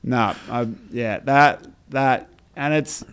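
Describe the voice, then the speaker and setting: An Australian man, a brand founder, telling stories in a relaxed interview chat with many fillers and restarts. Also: mid-range voice, slow, clear, resonant tone. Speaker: brand founder, podcast guest.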